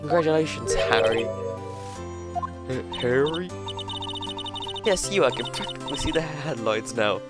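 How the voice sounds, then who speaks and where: Earnest young lawyer, a man reading, a bit flustered, mid pitch, loud game music. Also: lively intonation, a little slow, long pauses, lightly acted. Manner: earnest, stammering.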